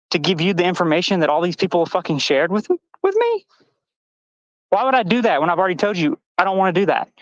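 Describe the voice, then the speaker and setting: A woman's voice: medium pitch, no room sound, muffled recording. A trans woman on a live stream panel, delivering a heated, angry rant full of swearing and accusations.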